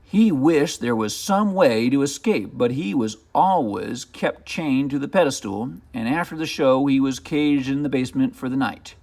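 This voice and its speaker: A man reading a children's picture book aloud as narrator, with expressive, dramatic storytelling. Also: mid-range voice, normal speed, hardly any pauses.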